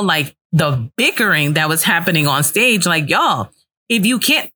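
A woman's voice: lowish voice, a bit bright. A young woman hosting a casual solo podcast, chatty and opinionated, swearing freely as she gives her frank take. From US East Coast. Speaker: podcast host.

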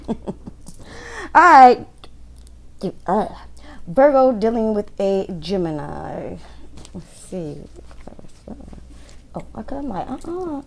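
A woman's voice: medium pitch, creaky, rough recording. A woman doing a casual tarot reading, talking bluntly to her viewers and swearing freely. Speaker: tarot reader.

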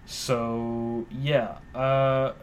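A man's voice: mid-range voice, little pitch movement, very slow, a little hiss or hum. A young man, co-hosting a casual podcast in a loose, joking way and swearing freely. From Louisiana. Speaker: podcast co-host.

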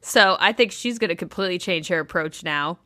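A woman's voice: lowish voice, fairly quick, sharp tone, dry recording, clean studio sound. A woman co-hosting a podcast, chatting bluntly and casually, with plenty of swearing. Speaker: podcast co-host. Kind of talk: casual recap chat.

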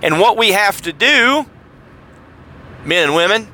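A man's voice: high voice, lively intonation, measured pace, pushed and bright. A man hosting a podcast, talking in a wry, sardonic commentary style with stumbling restarts. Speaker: podcast host. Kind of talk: casual commentary.

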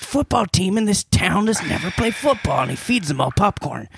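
An actor playing a dream-stalking slasher as a goofy guest, rambling through improvised pitches and laughing at his own ideas. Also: sing-song, moderate pace, gravelly, a little hiss or hum, exaggerated voice. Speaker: guest in character. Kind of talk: improvised comedy interview.

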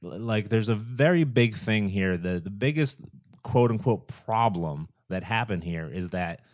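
A man co-hosting a casual podcast, talking through film plots in an animated, rambling way, full of restarts and rhetorical questions. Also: on the low side, measured pace, dry recording, studio quality. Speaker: podcast co-host.

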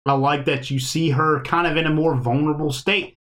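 A man's voice: a little high, steady tone, a little fast, a bit bright. A man hosting a casual podcast chat, talking in a loose, rambling way and laughing often. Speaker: podcast host.

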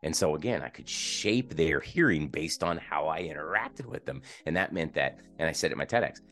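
A man who coaches youth sports, a podcast guest explaining his ideas earnestly and growing animated as he makes his points. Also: very deep voice, moderate pace, faint music behind. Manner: earnest and explanatory, gets animated and louder when making points. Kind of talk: in-depth interview conversation.

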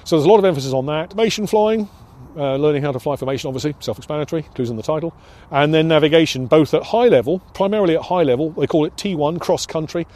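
This former pilot instructor, an older man from the United Kingdom, talks fast in a voice on the high side with a slightly mellow quality. Reminiscing for an oral history, he is reflective and keeps stumbling, pausing and starting his sentences over.

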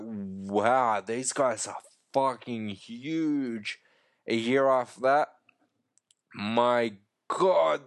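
Slow, croaky podcast host. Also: male voice, on the low side, dry recording, studio quality. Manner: rambling, profane, self-interrupting. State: croaky throat. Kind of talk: unedited casual monologue.

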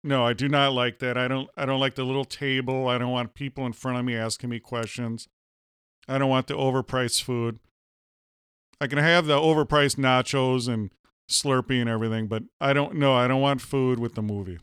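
A man's voice: mid-range voice, fairly even intonation, moderate pace, a bit bright, clean tone, no echo. A man co-hosting a casual movie podcast, giving blunt, matter-of-fact answers with a dry wit. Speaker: podcast co-host.

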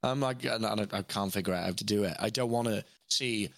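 A man's voice: on the low side, fairly quick, creaky, a bit bright, no room sound, clean studio sound. A man guesting on a podcast, talking candidly in a rambling, self-questioning way with frequent restarts.

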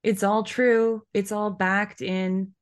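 A woman co-hosting a podcast in casual chat, supportive and animated, laughing often. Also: mid-range voice, takes it slowly, clear, resonant tone. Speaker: podcast co-host.

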